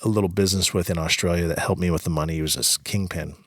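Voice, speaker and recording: A man's voice: low-pitched, racing, dry recording. A man, a podcast guest, telling his story in casual chat, swearing freely and acting out the lines of people in it. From United States. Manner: profane, animated retelling full of quoted dialogue.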